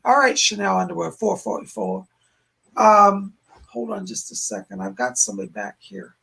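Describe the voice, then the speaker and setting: A man hosts live-stream psychic readings in a gravelly, husky voice that sounds worn out and hoarse. He passes on spirit messages in repeated "he said" phrasing. He thanks his viewers warmly and often. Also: sits high, huge pitch swings, normal speed. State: hoarse, voice giving out. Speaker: psychic medium, stream host.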